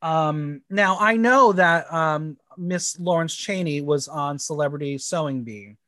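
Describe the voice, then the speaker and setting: A man co-hosting a casual podcast, recapping a show with animated, campy, laugh-filled chat. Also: fairly high pitch, measured pace, no room sound. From United States. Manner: animated, laughs often, camp and swearing.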